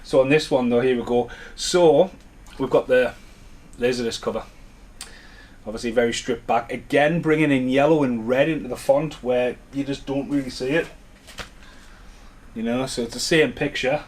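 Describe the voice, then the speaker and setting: A man's voice: mid-range voice, moderate pace, darkish tone. A man giving a casual, rambling unboxing chat at home as a collector vlogger, with enthusiastic asides.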